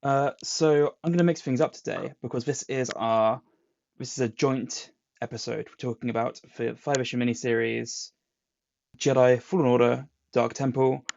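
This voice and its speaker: Man co-host, gravelly edge, jokey banter, dry lo-fi podcast sound. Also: medium pitch, fairly even intonation, moderate pace, a little mellow. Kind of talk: casual chat.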